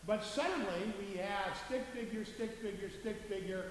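Higher-voiced guy preaching, jokey asides, big echoey church, bit of hiss. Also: normal speed. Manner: conversational, humorous asides. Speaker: pastor. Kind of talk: sermon. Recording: echoey hall from far off, faint hiss.

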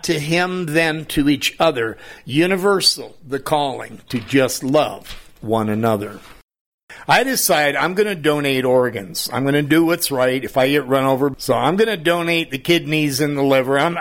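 An older man, a poet, reading his own humorous rhyming verse aloud in a slow recitation. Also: fairly high pitch, a bit bright.

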